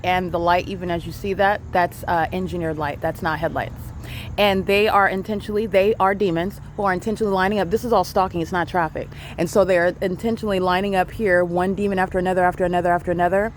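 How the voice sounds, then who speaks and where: Rapid, urgent speaker on a night street. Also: medium pitch, fairly even intonation, slight background noise. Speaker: self-documenting vlogger. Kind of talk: street narration to camera. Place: city street outdoors at night.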